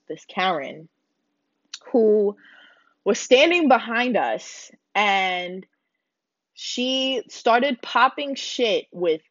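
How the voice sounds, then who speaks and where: A woman's voice: medium pitch, dry recording, muffled recording. A young woman, telling a blunt, profane storytime rant to her viewers. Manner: blunt, loud, profane, animated. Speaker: vlogger. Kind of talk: casual ranting storytime.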